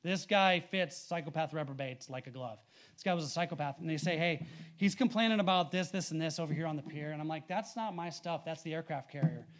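High-voiced man preaching a sermon. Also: fairly quick. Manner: animated, rising loud on scripture readings; conversational with fillers and storytelling.

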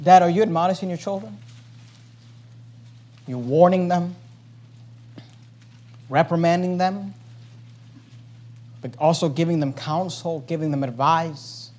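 A male pastor preaching a sermon, emphatic, swinging between loud and hushed and repeating phrases to drive his point home. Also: a little high, unhurried, pauses often.

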